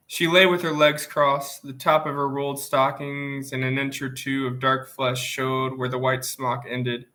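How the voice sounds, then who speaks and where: A man reading a novel aloud in plain, steady first-person narration, sniffling from allergies. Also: mid-range voice, measured pace, hardly any pauses. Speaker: audiobook reader.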